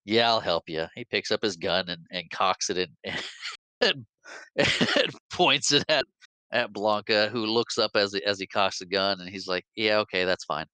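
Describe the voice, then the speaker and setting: Podcast host type, lively movie recapper, bright crisp voice, low-ish, dry close mic. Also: male voice, dry recording, low-quality recording. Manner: animated retelling with quick character quotes and laughs.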